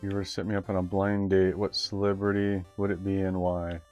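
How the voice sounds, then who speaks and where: A man hosting a retro game live stream, chatting casually and haltingly with viewers. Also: low-pitched, soft background music. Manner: relaxed, halting, talks to chat. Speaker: streamer host.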